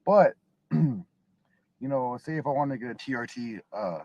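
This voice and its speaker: A man in his thirties talking casually, rambling and clearing his throat. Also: medium pitch, normal speed, darkish tone, rough recording. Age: 30s.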